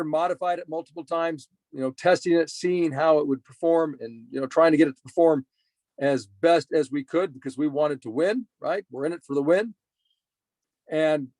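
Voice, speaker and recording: A man's voice: on the high side, a little mellow, no room sound. A middle-aged man giving a motivational talk, telling a personal story and repeating his main points for emphasis. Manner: earnest, repetitive emphasis. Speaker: motivational speaker.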